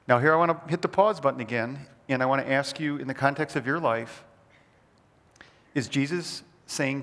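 A man preaching a sermon as pastor, earnest, repeating phrases for emphasis and often dropping to quiet, soft lines. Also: mid-range voice, moderate pace, in a large hall.

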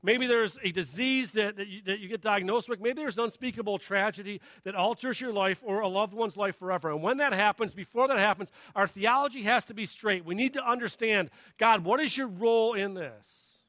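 Guy in his 30s preaching, bright clear voice, kinda high, dry close sound, chatty then punchy questions. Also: dry recording. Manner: conversational, halting with restarts, rising to emphatic questions. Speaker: pastor. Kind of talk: sermon with personal story.

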